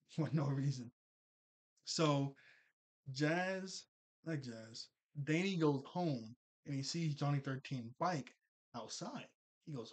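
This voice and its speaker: A man's voice: medium pitch, animated, measured pace. A young man casually recapping a cartoon episode, laughing often, correcting himself as he goes and briefly acting out characters' lines.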